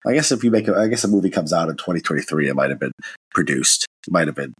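A man's voice: low voice, lively intonation, fast, husky. A man with a sick-sounding voice, talking in a casual, hesitant monologue as a commentator, with many restarts and fillers. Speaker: political commentator.

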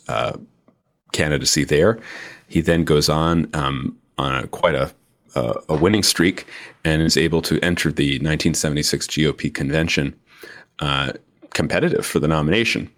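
A man in his forties, a book author being interviewed, speaking in a measured way with frequent hesitations and fillers. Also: very deep voice, fairly bright tone. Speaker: author guest. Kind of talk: interview conversation.

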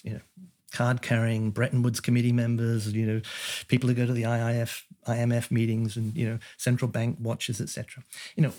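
Husky-voiced male economist explaining. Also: medium pitch, mellow. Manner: thoughtful, explanatory, with frequent fillers and restarts. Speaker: economist guest. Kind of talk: conversational interview.

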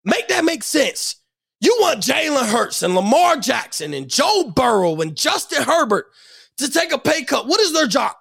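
A man's voice: extremely high pitch, very animated, moderate pace, gravelly, fairly bright tone, husky. A young man giving an angry, profane sports rant, emphatic and heated. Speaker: sports commentator.

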